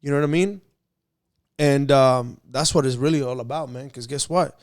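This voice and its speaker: A man hosting a podcast, telling stories in casual chat and getting animated as he goes. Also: mid-range voice, moderate pace, no room sound, clean studio sound. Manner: animated storytelling, gets excited. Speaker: podcast host.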